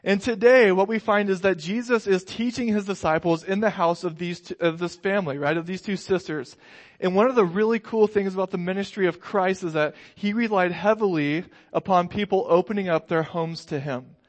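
A young man gives a sermon with an easygoing, conversational delivery, slipping gentle humor into his stories. His voice sits a little higher than most men's. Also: a little fast. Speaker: pastor.

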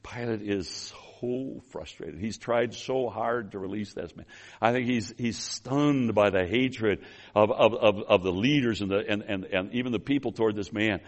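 A man preaching an expository sermon, telling the story with animation, swinging between loud emphasis and quiet asides, calling the congregation folks and restarting his phrases. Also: on the low side, moderate pace. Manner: addresses the congregation as folks, with restarts and apologies for running long.

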